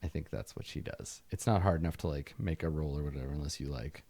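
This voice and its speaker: A man running a tabletop game as game master, narrating in a halting way with many fillers and restarts. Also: very deep voice, vocal fry, dark tone, no echo.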